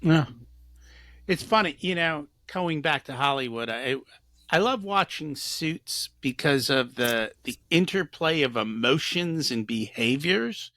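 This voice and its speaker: Bright, slightly high man hosting. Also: animated, a little slow, no room sound. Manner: conversational, repeats words as he thinks. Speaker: podcast host. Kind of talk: casual interview chat.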